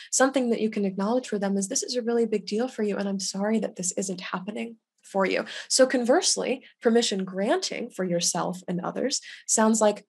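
A young adult woman hosting a webinar on loss, speaking gently and with validation as she reads out chat comments over a video call. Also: mid-range voice, slightly rough. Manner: gentle and validating, quotes others' words aloud. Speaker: grief educator hosting a webinar.

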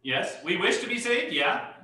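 Bright-voiced man pastor teaching Bible study. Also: high-pitched, sing-song, measured pace. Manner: explanatory, rising emphasis on key points. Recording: echoey room, mic far off.

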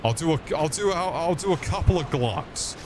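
A man's voice: on the high side, lively intonation, moderate pace, background noise. A man streaming a game, swearing often and joking with his chat. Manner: swearing, joking, chatting to viewers. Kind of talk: casual gaming commentary.

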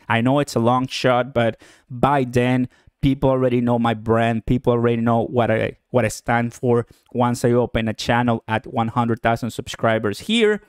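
A man's voice: medium pitch, clear, resonant tone, no echo, clean studio sound. A young man from Puerto Rico with a Puerto Rican Spanish accent, hosting a casual livestream and upbeat as he reads out viewer comments. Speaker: livestream host.

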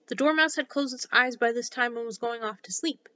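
Bright-voiced woman reading a storybook. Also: fairly high pitch, a little fast. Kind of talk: storybook narration. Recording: slightly dull lo-fi recording.

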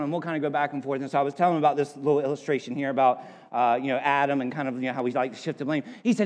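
A pastor preaching a sermon in a church, mixing jokey storytelling with scripture. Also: male voice, mid-range voice, very fast, big-room sound. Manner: joking storyteller, animated voices for quotes. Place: church sanctuary.

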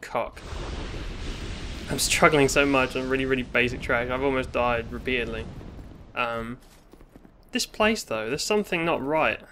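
British guy doing a let's play, swears a lot, bright punchy voice, faint noise behind. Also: medium pitch, unhurried, long pauses. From Britain. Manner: swearing, exasperated running commentary with sudden outbursts. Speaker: gaming YouTuber.

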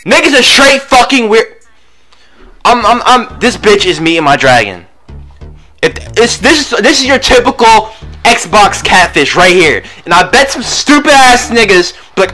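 A young man giving loud, brash trash-talking commentary over his own gameplay, often shouting at opponents. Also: sits high, very animated, normal speed, soft background music. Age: young adult. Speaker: gaming video host.

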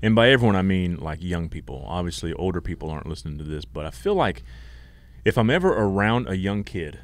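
Lively, low-voiced joking man. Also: fast, dry recording. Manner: quizzical, joking, asks lots of questions. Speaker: podcast co-host. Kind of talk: casual chat.

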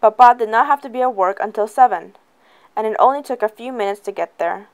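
A woman reading a chapter aloud as an audiobook. Her voice sits at an ordinary middle pitch, steady and plain, keeping an even pace through the narration. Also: a little fast, smooth. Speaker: reader.

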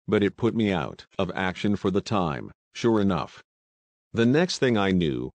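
A man reading a novel aloud as an audiobook narrator, in steady storytelling. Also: fairly low pitch, no echo.

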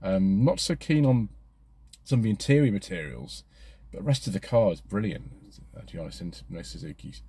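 A man with a low, husky voice reads out sales numbers in a casual vlog. He hesitates often, filling gaps with ums, and drifts into chatty asides between figures. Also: expressive, a little fast, mellow, no room sound. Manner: hesitant, frequent ums while reading figures. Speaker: car reviewer.

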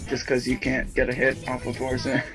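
A man's voice: medium pitch, monotone, fairly quick, music in the background. A man in casual gaming banter, teasing his friends and laughing often. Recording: noisy voice chat.

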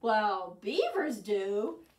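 A woman voicing a cheerful, friendly beaver in a calm, matter-of-fact way. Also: medium pitch, extremely slow. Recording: echoey room from far off.

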